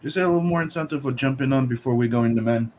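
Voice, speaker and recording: A man's voice: mid-range voice, very fast, a little mellow, slight background noise. A French-Canadian man co-hosting an art livestream, casually greeting viewers and chatting with fumbling restarts. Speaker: co-host.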